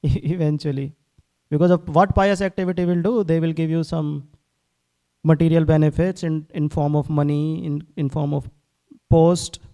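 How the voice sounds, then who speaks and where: A man's voice: a little high, dark tone. A man giving a devotional sermon, telling scripture stories and acting out the quotes earnestly. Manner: earnest, repeats words, acts out quotes. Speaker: speaker at a temple class.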